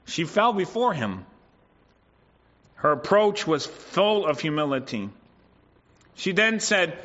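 A man delivering a sermon with a bright, forceful voice, often turning to the congregation for agreement. He acts out quoted voices along the way. The recording sounds dull and lo-fi. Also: on the high side, big pitch swings, slow pace, pauses often. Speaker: preacher.

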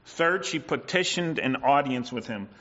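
A man delivering a sermon with a bright, forceful voice, often turning to the congregation for agreement. He acts out quoted voices along the way. The recording sounds dull and lo-fi. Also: medium pitch, expressive, unhurried, slightly rough. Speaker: preacher.

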